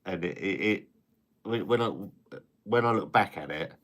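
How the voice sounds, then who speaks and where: A man's voice: deep voice, normal speed, fairly bright tone. A man hosting a casual live stream, chatting, reading viewer comments, and rambling with frequent restarts and the odd swear word.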